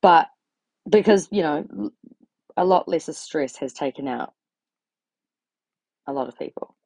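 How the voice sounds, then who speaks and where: A woman's voice: low voice, lively intonation, measured pace, gravelly, a little mellow, husky, dry recording. A young adult woman talking straight to camera in a blunt, sweary, exasperated rant. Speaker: vlogger. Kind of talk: ranting casual monologue.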